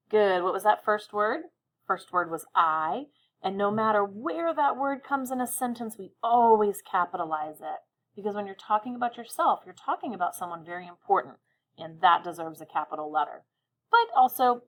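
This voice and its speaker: A woman teaching a phonics lesson, sounding words out slowly and encouraging young learners. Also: mid-range voice, expressive, a bit bright. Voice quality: slow, carefully sounds out words. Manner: patient, encouraging, stretches words out.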